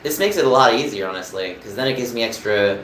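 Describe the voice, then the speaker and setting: A man's voice: medium pitch, lively intonation, fast talker, a bit bright, roomy sound, rough recording. A young man from New Jersey chatting casually on a live stream, rambling and answering viewers' comments. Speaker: livestreamer.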